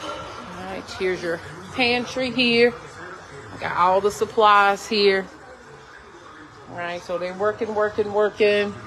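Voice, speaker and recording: A woman's voice: mid-range voice, fairly even intonation, slow pace, pauses often, a bit bright. A woman realtor giving a chatty walkthrough tour of a new home, exclaiming often and talking to viewers as y'all, filmed on a phone inside an empty house under construction. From Texas. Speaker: realtor touring a model home. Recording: echoey empty rooms with faint noise.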